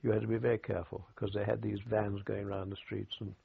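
An older British man in an oral history interview, recalling wartime radio work in an anecdotal way with dry humour and halting restarts, heard over a tinny phone-like recording. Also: lowish voice, flat delivery, gravelly, slight background noise. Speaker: war veteran interviewee.

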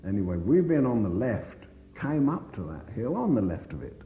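Very animated and speaking at a moderate pace, an older man with a fairly low voice tells his wartime story for an oral history interview. He's blunt and swears constantly, with slight background noise over a dull, echoey recording from a reverberant room.

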